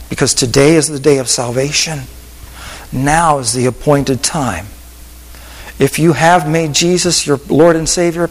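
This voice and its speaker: A male pastor preaching a sermon with an altar call, telling stories in a voice that drops to hushed whispers and rises to emphatic peaks. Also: on the high side, in a large hall, poor audio.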